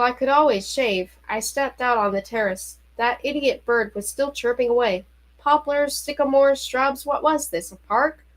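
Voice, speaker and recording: Woman reading a novel aloud, expressive and fairly high-pitched, startled and anxious in turns. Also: rough recording. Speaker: reader.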